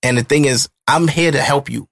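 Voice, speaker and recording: A man's voice: medium pitch, brisk, gravelly. Heated man in his thirties telling a story. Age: 30s. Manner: emotional, animated retelling with acted-out quotes. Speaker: podcast host. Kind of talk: casual storytelling chat.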